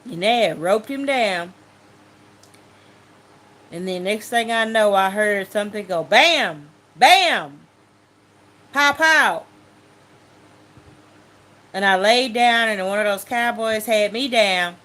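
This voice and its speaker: Woman giving a spoken testimony, lively and vivid, playing out the voices in her story. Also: medium pitch, unhurried. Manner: animated storytelling, acts out voices and sounds. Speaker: testimony speaker.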